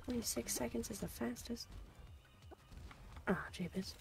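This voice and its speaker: A woman's voice: a little high, unhurried, vocal fry. A woman streaming a game, muttering to herself in casual chatter and breaking into sudden frustrated outbursts.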